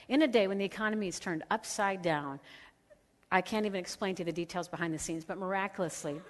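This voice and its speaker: A middle-aged woman speaker telling a lively, laughing story at a women's conference, acting out the voices of the people in it. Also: mid-range voice, fast. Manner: animated, laughing, acts out quoted voices. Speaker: radio host and conference speaker. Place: large conference hall. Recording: hall reverb.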